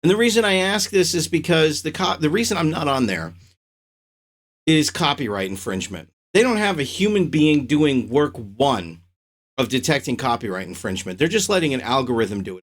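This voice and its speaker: A man with a fairly high-set voice hosts his own show in a loose, casual chat. He reacts and rants with strong opinions and sounds animated and outspoken. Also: normal speed. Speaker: host.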